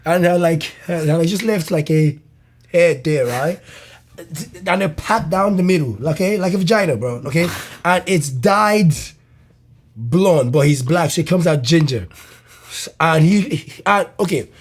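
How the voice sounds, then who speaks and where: A young man spins a rambling comic story, laughing and swearing as he goes. His voice sits a little high with a husky grain. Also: a little slow. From Ireland. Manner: animated, laughing, swearing, many fillers. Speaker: comedian guest. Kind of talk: casual storytelling.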